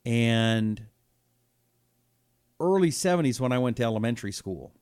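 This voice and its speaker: A man in his fifties hosting a political talk show, reading viewer comments and reacting with indignation, dropping to a hush and then rising loud. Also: mid-range voice, expressive, moderate pace, smooth, no echo, clean studio sound. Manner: heated and indignant, swings from hushed to loud.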